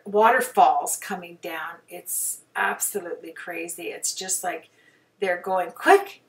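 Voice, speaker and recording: A woman's voice: lowish voice, steady tone, measured pace, recorded from a distance. A woman hobby painter chatting casually over her own painting, rambling and poking fun at herself, with plenty of fillers. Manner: chatty, rambling, self-deprecating, many fillers.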